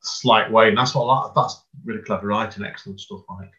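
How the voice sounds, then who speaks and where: A man hosting a casual chat, praising the poet and asking about the set list, in a relaxed way. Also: fairly low pitch, a little fast. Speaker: host. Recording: dull distant lo-fi sound.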